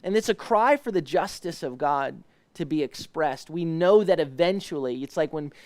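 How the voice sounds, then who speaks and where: Man teaching scripture in a soft voice. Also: fairly high pitch, animated, moderate pace, dry recording. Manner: paraphrases verses in a soft, pleading voice, explains Hebrew words with many restarts. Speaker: pastor. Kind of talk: live devotional Bible teaching.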